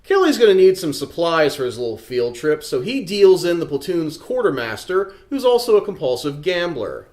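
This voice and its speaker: A man hosts a comedy movie review with a dry, snarky edge. His voice sits a bit high and swings widely in pitch. He shifts easily from deadpan jabs to bigger, bouncier lines. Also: moderate pace, hardly any pauses. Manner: sarcastic, snarky. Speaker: host of a movie review show.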